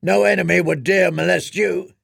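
Man putting on a shouty pitched-up auctioneer, gravelly, dry. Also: fairly even intonation, normal speed, heavily acted. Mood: hawking. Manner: barking, salesman-like. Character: loud brash male slave auctioneer.

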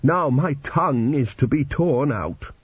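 A man reading an audiobook voices a pious middle-aged male prisoner who speaks slowly and primly. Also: medium pitch, expressive, breathy edge, dry recording. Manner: slow, virtuous and prim. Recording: dull lo-fi audiobook recording.

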